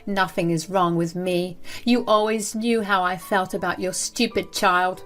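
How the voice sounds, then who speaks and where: A woman's voice: fairly low pitch, fairly even intonation, a little slow, a bit bright, faint music behind. A woman voicing a cruel older woman who runs a school, speaking with cold contempt. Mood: contemptuous.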